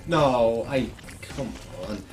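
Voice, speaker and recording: A man's voice: mid-range voice, drawn-out words, soft background music. A young man giving frustrated, swearing let's play commentary while gaming. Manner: frustrated, swearing, shouting at the game. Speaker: gaming YouTuber.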